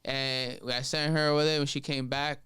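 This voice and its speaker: A man, a guest comedian, telling a story in a casual, animated way and switching into Spanish mid-sentence. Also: medium pitch, normal speed, clear, resonant tone, dry recording, studio quality.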